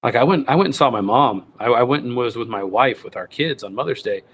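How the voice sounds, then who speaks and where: A man's voice: medium pitch, animated, a little fast, slightly rough. A man in his thirties, a wild game cook, telling his story in a casual interview and acting out the voices of the people in it, with many restarts. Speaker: guest, wild game cook and recipe writer.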